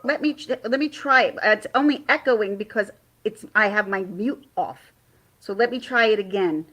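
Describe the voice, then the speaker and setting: A woman's voice: medium pitch, moderate pace, fairly bright tone. A married woman on a video call, flustered and apologetic about technical trouble, chatting casually. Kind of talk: casual live-stream chat.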